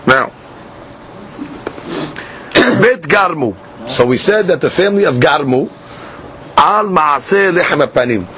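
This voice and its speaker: A man teaching a Talmud class. He reads each line slowly and then explains it in plain English. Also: fairly high pitch, lively intonation, pushed and bright. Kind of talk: Talmud class, reading and translating. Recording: dull lo-fi class recording with faint hiss.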